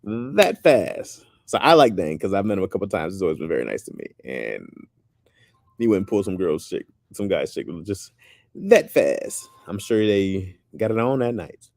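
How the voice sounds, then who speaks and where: A man chatting casually with his viewers in a loose, animated way, often calling people "bro". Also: sits low, normal speed, creaky, dry recording. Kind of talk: casual chat.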